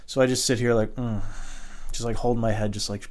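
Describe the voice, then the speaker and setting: A man's voice: lowish voice, little pitch movement, very fast. A man hosting a solo podcast, ranting in a casual, profane, exasperated way about everyday annoyances. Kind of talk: solo comedic rant.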